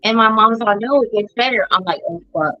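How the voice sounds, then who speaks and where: A woman's voice: fairly high pitch, brisk, dry recording, faint music behind. A middle-aged woman hosting a podcast, telling family stories bluntly with plenty of swearing. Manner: blunt, profane storytelling. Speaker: podcast host. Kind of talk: casual chat. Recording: dull lo-fi sound.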